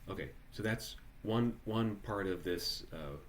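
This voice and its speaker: This is a workshop leader, a man whose voice is on the low side, taking his time as he guides musicians through a live online workshop on a video call. Some slight background noise is present, and he talks casually, restarting often and questioning participants.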